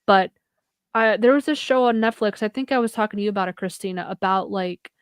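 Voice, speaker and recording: A woman's voice: mid-range voice, a little fast, smooth, no echo, clean studio sound. A young woman co-hosting a podcast in casual chat, rambling along with many "like" fillers. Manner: rambling, heavy use of "like" as a filler. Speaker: podcast co-host.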